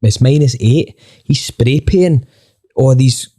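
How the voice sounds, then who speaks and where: A Scottish man, a band member on a podcast, telling a lively anecdote with plenty of swearing and acted-out dialogue. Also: medium pitch, slow. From Scotland. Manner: animated, swears freely, acts out quoted dialogue. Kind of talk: casual storytelling anecdote.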